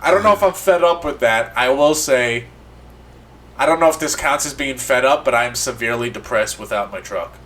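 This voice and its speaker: A man's voice: medium pitch, fairly quick, fairly bright tone, slight background noise. A man co-hosting a casual podcast chat, joking around and swearing freely. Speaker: podcast co-host.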